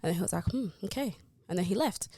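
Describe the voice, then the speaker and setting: Fast-talking woman, dry close sound. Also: on the low side, husky, dry recording. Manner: animated, quick storytelling with laughter. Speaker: podcast co-host. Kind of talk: casual chat, storytelling.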